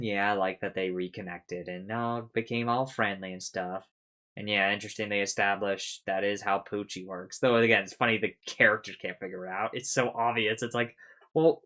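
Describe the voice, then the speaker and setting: Guy chatting thru a show recap, kinda low voice, rambly, cusses a lot, laughs at his own bits. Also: a bit bright. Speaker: reaction video host. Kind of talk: casual episode recap and reaction.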